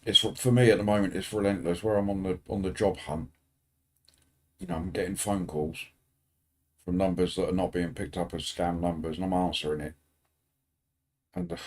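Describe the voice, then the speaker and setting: British man, lowish voice, casual stream chat, dry jokey asides. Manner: chatty, dry joking asides. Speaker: sim racing streamer.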